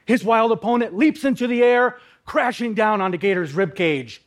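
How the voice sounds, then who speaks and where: A man with a slightly high voice tells his own story on stage. He paints scenes vividly and leans on dramatic pauses. He comes from the upper Midwest. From Minnesota, USA. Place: live talk on a stage.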